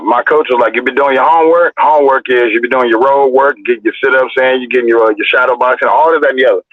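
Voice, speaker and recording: A young adult man telling profane, animated stories in a casual chat as a livestream host. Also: mid-range voice, no echo. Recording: dry, tinny phone-like audio.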